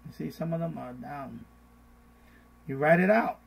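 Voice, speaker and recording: A middle-aged man hosting a finance live stream, repeating his points in a casual, animated way and mimicking panicked voices. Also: a little high, measured pace, gravelly, slightly rough, poor audio.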